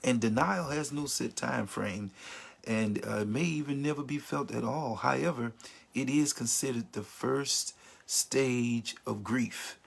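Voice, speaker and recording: A man's voice: mid-range voice, measured pace, gravelly, husky. A man teaching about grief in an informal, earnest way, sometimes acting out the words of people in mourning. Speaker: grief counselor.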